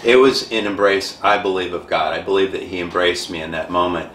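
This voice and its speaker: A man with a somewhat low voice tells a personal story with animated, dramatic energy. His voice rings in an echoey room. A faint noise sits under the recording. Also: fairly quick. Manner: animated, self-described dramatic. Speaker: guest.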